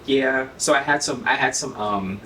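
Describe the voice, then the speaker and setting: A man's voice: medium pitch, normal speed. A man giving a casual closet tour, chatting and telling stories with frequent laughs. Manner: animated storyteller, laughs often. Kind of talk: casual chat. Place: home closet, echoey room. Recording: roomy, distant, faint noise.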